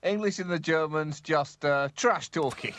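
A man's voice: a little high, unhurried, a bit bright, slight background noise. Man teasing with wry banter. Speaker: comedy podcast co-host. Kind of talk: casual banter.

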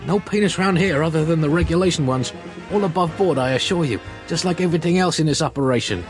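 A man's voice: fairly high pitch, quick pace, soft background music, natural voice. A man doing a breezy old mob uncle. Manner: breezy, unbothered, smooth denials. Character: jovial old male mob uncle running a restaurant. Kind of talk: comic story reading.

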